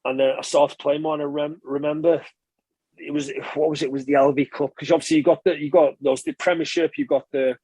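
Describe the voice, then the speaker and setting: A man, a former rugby player, telling stories in a relaxed interview and chatting casually with frequent swearing and restarts. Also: a little high, fairly quick, breathy edge, dry recording. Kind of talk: casual conversational storytelling.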